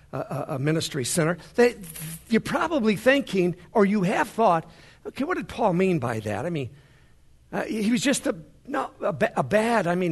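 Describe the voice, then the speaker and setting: A male pastor delivers a sermon to a large congregation. His voice sits a little high and has a husky, breathy edge. He drops to quiet, slow passages, then climbs into fervent, louder preaching. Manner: preaching with big swings between hushed and rising fervor. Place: large worship center.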